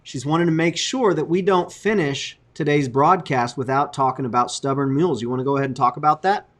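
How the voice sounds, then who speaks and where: An easygoing man with a slightly high voice hosts a radio show and chats in a relaxed way. He nudges the talk along to the next topic. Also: a little fast. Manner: easygoing, keeps the show moving. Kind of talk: casual chat.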